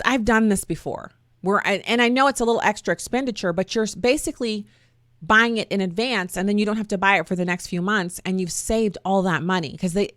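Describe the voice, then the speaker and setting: A woman's voice: on the low side, fairly bright tone, clear, resonant tone, no echo, clean studio sound. Sarcastic woman radio host. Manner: chatty, sarcastic, folksy asides. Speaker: radio talk show host. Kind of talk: opinionated talk radio monologue.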